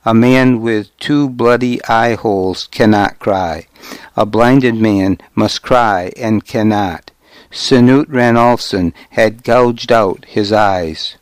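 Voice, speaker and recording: Slow, measured male storyteller. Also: on the low side, no echo. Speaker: audiobook narrator. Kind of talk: scripted first-person novel narration.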